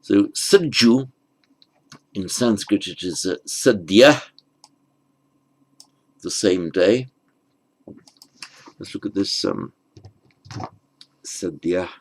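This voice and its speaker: A man teaching the meaning of an old verse, patiently explaining each word after reciting it slowly. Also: low-pitched, poor audio. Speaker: Pali language teacher. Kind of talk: unhurried lesson on a verse.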